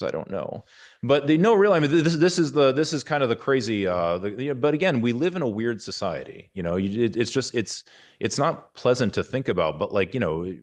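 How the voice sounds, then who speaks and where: A man's voice: medium pitch, expressive, brisk. A man in his forties, a surgeon giving an informal university talk, rambling with many restarts and fillers and making candid, wry asides. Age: 40s.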